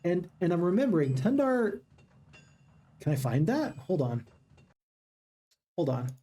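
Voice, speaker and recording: Chatty husky-voiced let's-play host. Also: medium pitch, sing-song, unhurried, warm tone. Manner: chatty, upbeat, addresses viewers as folks. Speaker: gaming channel host. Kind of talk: casual let's-play commentary.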